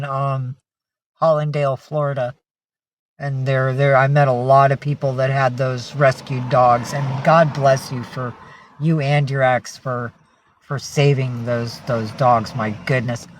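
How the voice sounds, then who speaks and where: A woman's voice: deep voice, no echo. A middle-aged woman hosting a casual livestream, who chats, reads out viewer names and coos at her pets. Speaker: livestream host.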